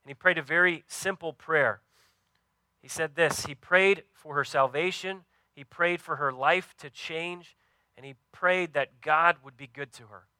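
A preacher with a bright, crisp voice, earnestly telling a story to his congregation and often pausing over fillers. His delivery is sincere and plain, recorded dry and close. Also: fairly high pitch, dry recording. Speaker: pastor. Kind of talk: sermon.

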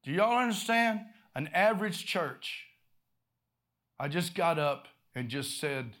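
Man, preacher, sermon storytelling, animated, repetitive, loud-to-soft swings, slightly high voice. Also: slow.

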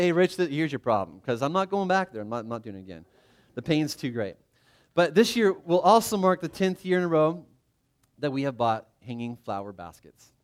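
A middle-aged man preaching in a relaxed, conversational way, with a voice a little higher than most men's. He pokes fun at himself and trips over his words, restarting phrases as he goes. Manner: conversational, self-deprecating, with frequent restarts. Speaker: pastor. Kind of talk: sermon.

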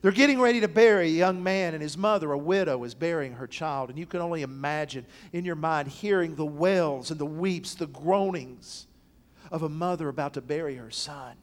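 Emphatic high-voiced male preacher. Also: moderate pace. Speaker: pastor. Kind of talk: sermon.

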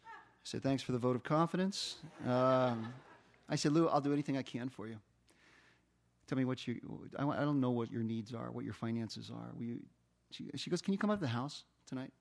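A man's voice: mid-range voice, normal speed, creaky. A middle-aged man preaching as a pastor, telling a story and acting out the dialogue. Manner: animated storyteller, acts out dialogue. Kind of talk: sermon storytelling.

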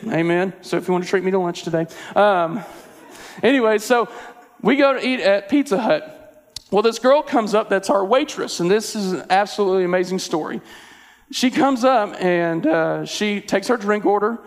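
Young pastor, high voice, earnest conversational sermon, church hall reverb. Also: male voice, normal speed. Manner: earnest, conversational with filler words. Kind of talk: sermon storytelling and prayer. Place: church sanctuary.

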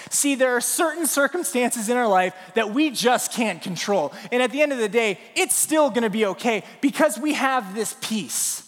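Male preacher, animated storyteller, higher-pitched voice, long church-hall reverb. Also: normal speed, few pauses. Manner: animated storytelling, acts out scenes. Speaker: pastor. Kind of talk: sermon. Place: church sanctuary.

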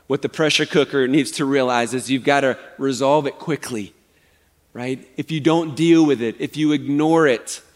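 A man preaching a sermon as pastor, conversational and animated, often asking his congregation "right?". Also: on the high side. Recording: long hall reverb.

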